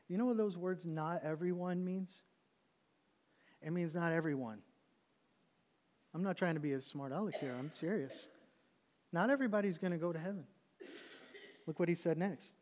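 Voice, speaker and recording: Man, pastor, sermon, hushed and intense, slightly high voice. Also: normal speed, pauses often. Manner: swings from hushed intensity to loud pleading acted quotes.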